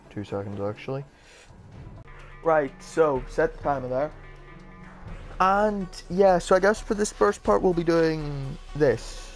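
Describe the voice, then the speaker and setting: A man's voice: a little high, darkish tone. A young man casually commenting on a game he is playing, rambling and self-deprecating with lots of fillers. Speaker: gaming channel host. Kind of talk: casual let's-play commentary.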